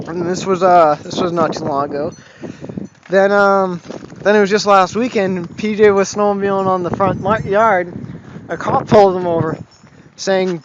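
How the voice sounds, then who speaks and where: A man's voice: high-pitched, brisk. A young man from Massachusetts vlogging casually, rambling and swearing as he chuckles over his run-ins with the cops. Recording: dull lo-fi home video audio with faint noise.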